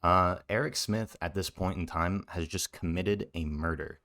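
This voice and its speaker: Hosting a commentary video, this man speaks in a low, slightly bright voice at a moderate pace. His reaction is indignant and forceful, full of profanity and repeated points.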